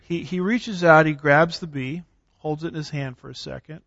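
Male theology lecturer, a touch high-pitched, deliberate scripture reading, dry dull lo-fi recording. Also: fairly bright tone, no echo. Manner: reads scripture slowly with emphasis; clears throat, occasional fillers. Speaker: theology teacher. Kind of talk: classroom lecture on doctrine.

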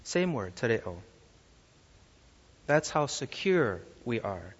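A pastor delivers a sermon at a slow, deliberate pace, leaning into key words and putting rhetorical questions to his listeners. His voice sits a little high for a man. The recording is dull and lo-fi, with a long echo from a large hall. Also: expressive, fairly bright tone. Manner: emphatic preaching with rhetorical questions to the congregation. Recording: lo-fi sound with long hall reverb.

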